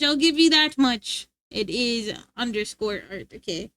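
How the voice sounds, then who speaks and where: A woman's voice: high voice, takes it slowly, sharp tone, no echo. A woman streamer chatting casually and playfully with her live chat, laughing often.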